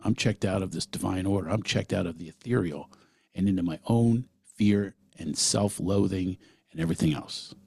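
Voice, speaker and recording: A man's voice: sits low, normal speed, vocal fry, a little mellow, breathy edge, no room sound. A man hosting a solo podcast, talking earnestly and emphatically and sometimes acting out other voices. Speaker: podcast host.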